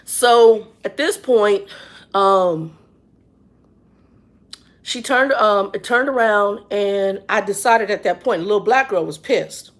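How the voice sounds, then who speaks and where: A woman in her 50s tells a story in a casual, chatty vlog, speaking slowly with frequent pauses in a mid-range voice. Her storytelling is animated and full of reported speech.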